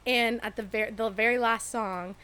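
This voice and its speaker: A woman's voice: a little high, steady tone, normal speed, bright, forceful tone, smooth. A woman co-hosting a podcast, telling a personal story candidly and laughing often as she talks. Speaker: podcast co-host. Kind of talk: casual chat.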